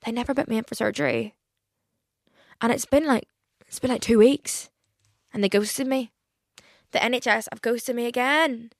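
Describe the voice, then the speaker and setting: A woman's voice: a little high, fairly even intonation, moderate pace, creaky, pauses often, no room sound, clean studio sound. A young woman chatting on her own podcast, rambling with lots of "like" fillers and frequent swearing. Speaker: podcast host. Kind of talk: casual solo podcast chat.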